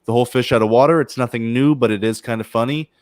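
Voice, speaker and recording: A man's voice: medium pitch, fast, no echo. A man on a casual livestream panel, giving blunt, exaggerated opinions and stumbling over his words. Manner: blunt, hyperbolic, stumbles and restarts. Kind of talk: casual chat.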